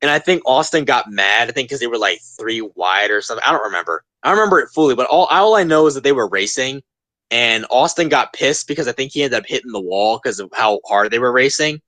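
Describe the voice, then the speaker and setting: A man in his twenties hosts a casual podcast, ranting emphatically and hammering his points home. His pitch leaps and dips with real animation. The sound is dry, with no room around it. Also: expressive, fast, bright, forceful tone, no room sound. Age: 20s. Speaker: podcast host.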